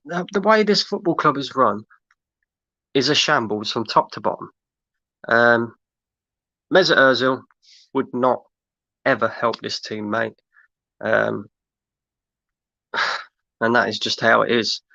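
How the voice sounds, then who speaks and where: A man's voice: mid-range voice, slow, creaky, pauses often, bright, forceful tone, no echo, lo-fi sound. A man hosting a fan livestream, ranting in exasperation and repeating himself while he reads out chat comments. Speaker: fan channel host. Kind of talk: livestream rant reading chat.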